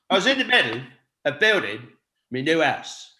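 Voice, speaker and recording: A man puts on a laconic older film star, drawling slowly and dryly in a low register. The voice is bright and lively, and the room around it echoes noticeably. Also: a little hiss or hum, heavily acted.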